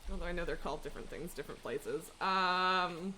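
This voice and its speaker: A woman's voice: on the low side, fairly quick, sharp tone, a little hiss or hum. A young woman streaming a game live, chatting casually, swearing and laughing often. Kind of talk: casual live gaming commentary.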